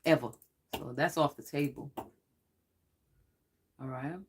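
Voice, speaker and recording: A psychic tarot reader giving a casual livestream reading, rambling and excitable, often laughing and swearing. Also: mid-range voice, slow pace, slightly rough.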